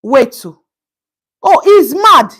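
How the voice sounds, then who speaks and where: This woman speaks very slowly and at a high pitch while running a relaxed live stream about a news story. Her manner is lively, with shout-outs to viewers by name and the occasional aside in Pidgin.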